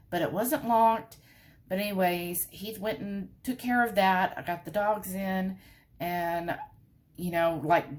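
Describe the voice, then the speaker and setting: Woman, chatty vlogger, animated storytelling with lots of asides. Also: medium pitch. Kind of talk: casual storytelling.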